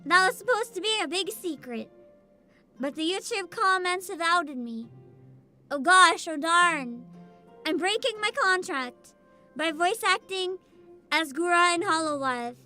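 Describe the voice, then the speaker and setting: Woman streamer, high youthful voice, very lively pitch, bright tone, faint music behind. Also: measured pace. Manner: animated, bubbly, swears and laughs often. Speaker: VTuber streamer. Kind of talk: casual livestream chat with viewers.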